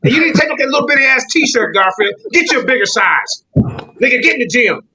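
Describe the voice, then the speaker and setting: A man's voice: very high voice, animated, quick pace, sharp tone, slight background noise, low-quality recording. A man, arguing heatedly on a call-in panel and insisting he not be interrupted. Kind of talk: heated argument.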